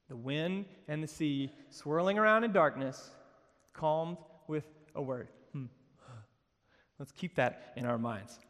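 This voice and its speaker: A man giving a sermon at a campus worship service, telling the story with playful asides and moving between hushed and emphatic delivery. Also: medium pitch, long reverb tail.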